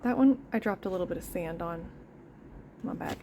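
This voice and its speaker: A woman's voice: fairly low pitch, moderate pace, noisy background. Woman homesteading vlogger, casual rambling chat, recorded indoors at home. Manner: chatty, easily sidetracked.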